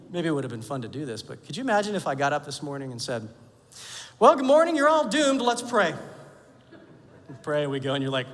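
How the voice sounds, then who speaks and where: A man's voice: high-pitched, a bit bright. A man preaching a sermon as pastor, telling the story with jokes and playful quoted voices. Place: church sanctuary. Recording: long hall reverb.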